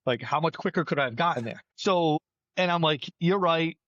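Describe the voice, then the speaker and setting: A middle-aged man, a battalion chief, telling firefighting stories in a casual podcast chat, plainspoken and lively. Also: a little high, moderate pace, no echo, dull audio. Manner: storytelling, animated, plainspoken with mild swearing.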